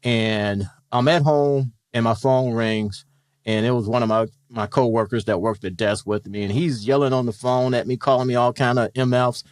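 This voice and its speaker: A man's voice: medium pitch, moderate pace, clean tone, no echo, clean studio sound. A middle-aged man, a retired police officer, telling stories in a casual interview and acting out the voices in them. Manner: animated storyteller who acts out quoted dialogue.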